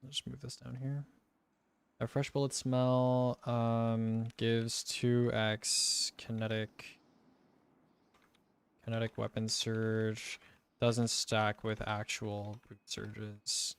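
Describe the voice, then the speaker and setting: A man's voice: mid-range voice, completely flat delivery, takes it slowly, gravelly, smooth, dry recording. A young man streaming, casually talking through game testing, thinking aloud, muttering through sums and swearing now and then. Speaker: gaming streamer.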